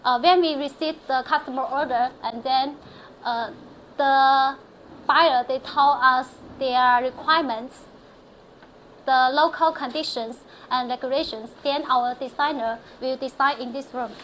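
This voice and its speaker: Woman, factory staff, hesitant with filler pauses, high voice, faint background noise. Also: fairly even intonation, fairly bright tone, rough recording. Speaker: factory staff member explaining production. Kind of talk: casual explanation in English. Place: factory design office.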